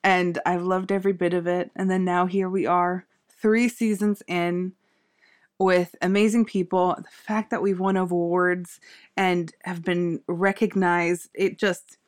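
A woman's voice: fairly low pitch, flat delivery, measured pace, smooth. A woman co-hosting a podcast, earnest and enthusiastic in casual chat. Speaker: podcast co-host.

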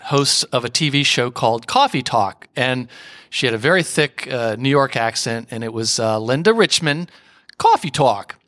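A man hosting a podcast interview, asking questions in a measured, conversational way. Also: mid-range voice, pushed and bright, no echo, clean studio sound. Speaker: host.

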